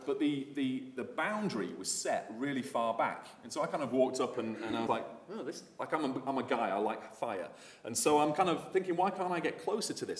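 Man preaching in an echoey hall. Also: medium pitch. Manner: animated, conversational with frequent fillers and restarts. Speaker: visiting preacher. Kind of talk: sermon.

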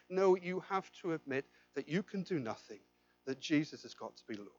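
A man's voice: on the high side, lively intonation, normal speed, dull audio, slight background noise. A man preaching a sermon as pastor, pleading with the congregation and asking them questions, with repeated and restarted phrases. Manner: impassioned, swings from loud pleading to quiet intensity.

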